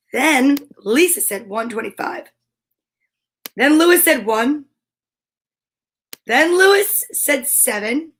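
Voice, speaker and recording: A woman's voice: high-pitched, a bit bright. A woman hosting a casual live stream from home, chatting playfully and reading viewer comments aloud.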